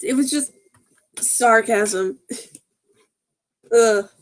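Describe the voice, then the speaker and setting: A woman's voice: a little high, drawn-out words. A woman hosting a video, reading awkward fan fiction and comments aloud in a casual comic way, often laughing and sounding puzzled as she stumbles over the text. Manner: giggly, breaks into laughter while reading.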